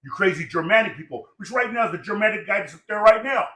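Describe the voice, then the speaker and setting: A man's voice: high-pitched, animated, fast talker, fairly bright tone, echoey room. A man of Samoan heritage born in Los Angeles, ranting in profane, repetitive, preachy casual talk. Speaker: podcast guest.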